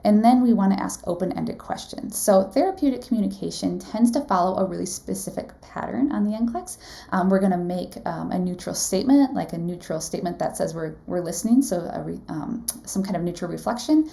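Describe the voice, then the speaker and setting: Gravelly-voiced woman teaching a live class. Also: fairly low pitch, fairly quick, dark tone. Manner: conversational, asks the audience questions, frequent "um" and "right?". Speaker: nursing exam instructor.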